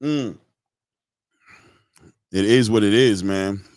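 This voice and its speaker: Dude doing casual boxing commentary on a live stream, slangy, repeats himself a lot, dry close mic. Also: male voice, fairly low pitch, takes it slowly, a little mellow, smooth, dry recording. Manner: slangy, repetitive, talks straight to viewers.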